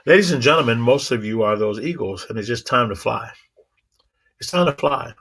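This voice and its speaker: A man giving a motivational talk, telling animated stories with sound effects and rhythmic, preacherly repetition. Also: mid-range voice, moderate pace, breathy edge. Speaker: motivational speaker.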